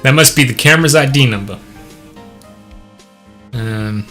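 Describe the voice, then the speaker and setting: A man's voice: mid-range voice, unhurried, a bit bright, faint music behind. A man playing a video game and reading its dialogue aloud, with playful asides. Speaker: let's play gamer reading all parts.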